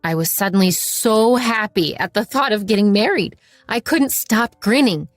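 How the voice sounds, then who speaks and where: A woman's voice: mid-range voice, normal speed, dry recording, faint music behind. Woman narrating a first-person story.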